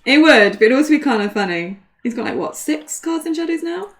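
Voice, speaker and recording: A British woman chatting through a card game match as co-commentator. She teases her partner and giggles easily, and her pitch swings up and down with a lot of life. It sounds like relaxed, playful banter between friends. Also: brisk. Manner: giggly, teasing, animated. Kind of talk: casual commentary chat.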